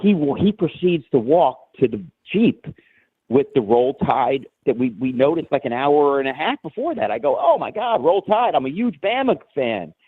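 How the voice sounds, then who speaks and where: A man from New Jersey calling in to a show, rambling and halting with many restarts. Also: mid-range voice, sing-song, husky, dry recording. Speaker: caller. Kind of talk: call-in rant. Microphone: phone. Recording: tinny phone line.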